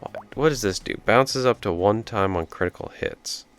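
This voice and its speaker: A man's voice: fairly low pitch, normal speed, a bit bright, soft background music. A man telling a rambling story while playing a video game, breaking off to react to the game. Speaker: let's play commentator. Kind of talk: casual storytelling over gameplay.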